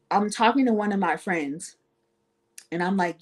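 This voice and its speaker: A woman's voice: mid-range voice, moderate pace, pauses often. A woman guest on a talk show, telling a personal story casually and acting out the voices of the people in it. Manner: animated, acts out quoted voices.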